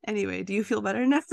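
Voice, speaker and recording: A woman's voice: on the high side, vocal fry, mellow, no room sound. A woman co-hosting a podcast, chatting casually about a book, rambling and laughing often. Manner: giggly, rambling storyteller. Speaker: podcast co-host.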